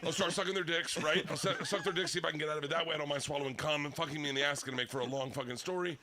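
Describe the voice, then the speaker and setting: A man telling a long story on a podcast, profane and animated, swinging between loud excited bursts and low hushed asides. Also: very fast, crowd noise. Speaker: comedian guest telling a story.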